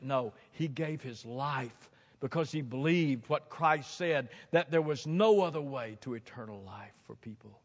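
A man preaching a sermon from a platform, swinging dramatically from hushed tones to shouting and hammering points home with emphatic repetition. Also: mid-range voice. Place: large hall, speaking from a platform. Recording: long hall reverb.

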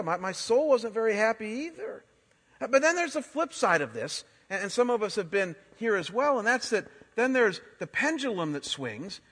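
Bright-voiced pastor preaching in echoing hall. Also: male voice, high-pitched, breathy edge. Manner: animated storytelling with frequent word restarts. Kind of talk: sermon. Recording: long hall reverb.

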